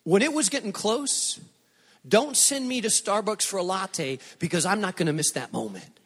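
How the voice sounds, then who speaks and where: A middle-aged man preaching a sermon as a pastor, telling stories with animated, emphatic repetition. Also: sits high, moderate pace. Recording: long reverb of a large hall.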